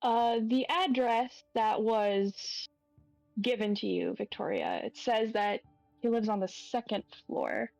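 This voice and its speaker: A woman running a tabletop horror game as game master, setting each scene in a slow, measured way. Her voice sits a little high. The recording is dry, with faint music behind her. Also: gravelly, a little mellow, dry recording, poor audio. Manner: unhurried, describing scenes with pauses and fillers.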